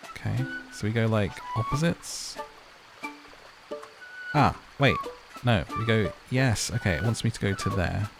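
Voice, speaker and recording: A man giving relaxed, chatty commentary over a game, thinking aloud as he plays. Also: on the low side, a little slow, vocal fry, over music. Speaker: gaming youtuber. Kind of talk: casual gameplay commentary.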